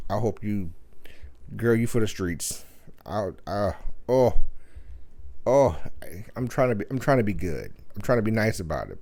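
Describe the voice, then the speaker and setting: A young man hosting a podcast, telling a profane story in an animated, loud rant full of cursing and mimicked voices. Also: on the low side. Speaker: podcast host.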